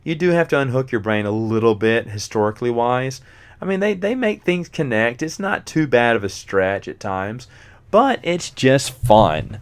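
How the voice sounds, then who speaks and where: A man's voice: mid-range voice, sing-song, normal speed, clear, resonant tone. A man, casually reviewing movies as a host, rambling and often forgetting names.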